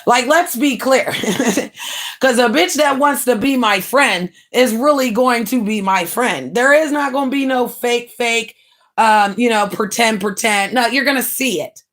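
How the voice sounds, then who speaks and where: A woman with a slightly high voice hosts her own livestream. She rants in a brash, profane, mocking way and at times breaks into shouting. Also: measured pace. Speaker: livestream host. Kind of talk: ranting livestream talk.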